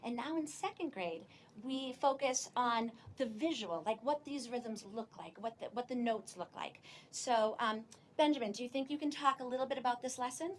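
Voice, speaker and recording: A woman teaching a music lesson, her voice sitting high and bright in pitch. She coaches children with upbeat prompts and counts them in. The recording carries noticeable background noise. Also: moderate pace. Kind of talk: classroom demonstration.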